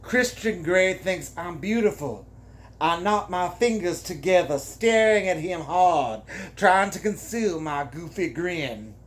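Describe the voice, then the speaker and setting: A man's voice: sits high, lively intonation, slow, a bit bright, pitched above the performer's own voice, full character voice. A man playing a flustered, self-conscious young woman in a comic dramatic reading, gasping and mock-dramatic.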